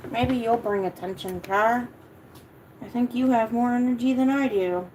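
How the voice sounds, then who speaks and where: A woman hosting a casual livestream, tired and lethargic, swearing offhandedly, and switching to high sing-song baby talk when she talks to her cat. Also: moderate pace, darkish tone, slight background noise, poor audio. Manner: low-energy, sluggish, swearing casually. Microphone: camera mic.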